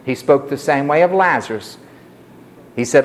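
A man's voice: medium pitch, brisk, slight background noise. A man preaching an expository sermon, telling the story expressively and acting out the quotes.

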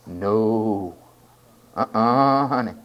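Impassioned preacher swinging loud to hushed. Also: male voice, fairly low pitch, very slow, dull audio. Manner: dramatic swings from shouting to hushed near-whisper; emphatic, repeating phrases. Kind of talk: sermon.

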